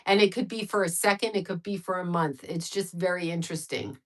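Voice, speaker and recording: A woman's voice: on the low side, a little fast, low-quality recording. A woman in her sixties hosting a casual livestream, talking candidly and rambling, with frank swearing, and answering viewers' messages as she goes. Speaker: livestream host.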